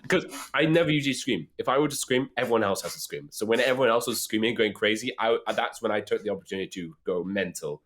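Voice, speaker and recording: A man co-hosting a casual podcast, excitedly retelling a movie scene with plenty of swearing. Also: lowish voice, fast, hardly any pauses. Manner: animated, excitable storyteller who swears freely. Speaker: podcast co-host. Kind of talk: casual film discussion.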